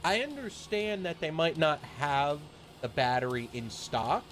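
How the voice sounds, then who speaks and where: A man's voice: fairly high pitch, sing-song, measured pace, fairly bright tone, soft background music. A man streaming a game while telling a grumbling, profanity-laced story in a casual chat. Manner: swears freely, grumbling rant.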